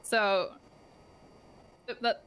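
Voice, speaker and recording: A woman's voice: extremely slow, a loud crowd. Chatty woman telling stories in role-play. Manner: chatty, animated storyteller. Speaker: role-play player character. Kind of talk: casual in-character role-play chat.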